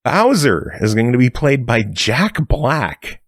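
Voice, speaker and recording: A man's voice: medium pitch, very animated, takes it slowly, no room sound, clean studio sound. A man hosting a casual gaming podcast, running through the week's news with fillers and the odd swear.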